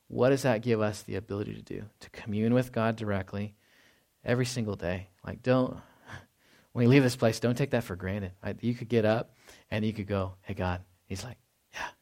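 A man's voice: medium pitch, darkish tone. Casual preacher man asking rhetorical questions. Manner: casual, tags points with "right?" and rhetorical questions. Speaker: pastor. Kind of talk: conversational sermon.

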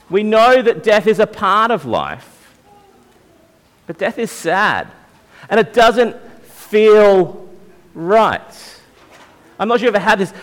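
A young man giving a gentle, conversational sermon to young people as their pastor, with many fillers. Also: sits high. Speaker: youth pastor. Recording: long hall reverb.

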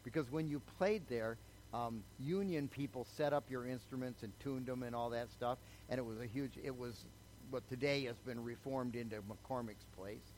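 A mid-range, slightly mellow voice belongs to an older man preaching at a moderate pace in a low-quality recording with a bit of background noise. He shares his testimony like a story, checking in with listeners by asking "okay?"

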